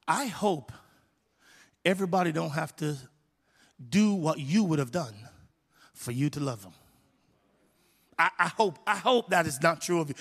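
A man's voice: high voice, a bit bright. A man preaching a sermon from a church stage, in an impassioned, conversational way with repetitions. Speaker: pastor. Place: large church hall. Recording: live sermon in a reverberant hall.

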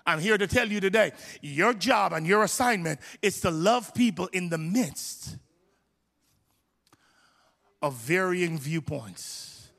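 A man's voice: high-pitched, animated, slow, creaky, fairly bright tone. A man preaching a sermon from a church stage, in an impassioned, conversational way with repetitions. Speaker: pastor. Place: large church hall. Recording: live sermon in a reverberant hall.

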